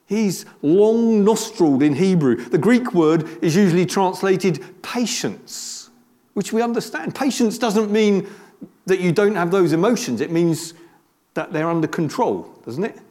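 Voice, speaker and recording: A man delivers a sermon in a relaxed, conversational manner. His voice sits fairly high for a man. He stumbles over and repeats words now and then, and often turns his points into rhetorical questions for the listeners. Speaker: pastor.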